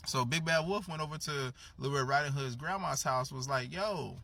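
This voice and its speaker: A man casually telling a comedic story at home, profane and slangy, acting out the characters' lines with big jumps in pitch. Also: moderate pace, vocal fry, hardly any pauses, sharp tone. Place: home with a dog in the back.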